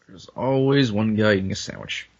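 A man's voice: fairly low pitch, normal speed, darkish tone, lo-fi sound. A man making wry, sarcastic quips during a movie commentary. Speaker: commentary co-host.

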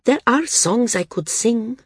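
A woman's voice: medium pitch, lively intonation, normal speed, darkish tone, slightly rough, no echo, studio quality. A woman reading the part of a young male singer who is eager, earnest and a bit stubborn.

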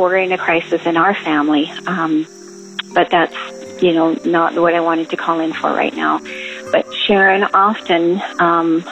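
A woman from Alberta, Canada calls in with warm encouragement, pausing often with ums. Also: fairly low pitch. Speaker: caller. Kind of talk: phoned-in encouragement. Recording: dull lo-fi phone line.

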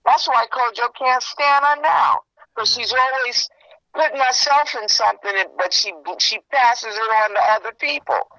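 A woman chatting casually with a friend, telling a story in an animated way and acting out what people said. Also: fairly high pitch, moderate pace, dry recording. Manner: animated storytelling, acts out quoted exchanges. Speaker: friend in a phone chat. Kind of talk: casual gossip about a funeral. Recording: muffled lo-fi sound.

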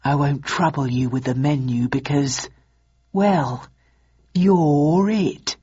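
Lady doing a gloating vampire guy, real slow and low, kinda breathy, lo-fi sound. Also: dark tone, heavily acted. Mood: menacing. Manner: slow, sneering menace. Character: gloating male vampire, menacing and mocking. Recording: dull lo-fi audiobook recording.

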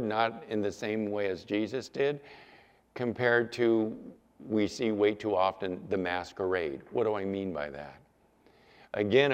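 A male pastor preaching a sermon, animated, sometimes mimicking whiny apologies in a raised voice. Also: on the low side, smooth. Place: church sanctuary. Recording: long church reverb.

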